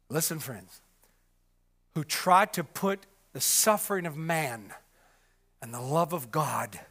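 A man preaching a sermon with dramatic delivery, building to shouts and dropping to whispers. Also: a little high.

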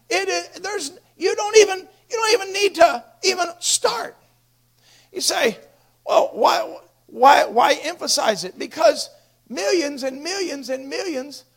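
High-pitched male preacher, fiery sermon with big swings from soft to shouting. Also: vocal fry. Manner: impassioned, swings from hushed to shouting.

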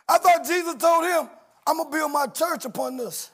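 A man preaching a sermon, shouting and acting out quoted voices with call-and-response. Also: very high voice.

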